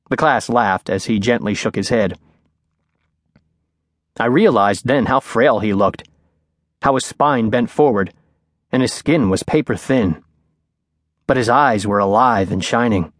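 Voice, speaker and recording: A man reading a thriller audiobook aloud in a measured, clear storytelling manner, recorded on a studio microphone. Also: fairly low pitch, no room sound. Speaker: audiobook narrator. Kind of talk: scripted narration.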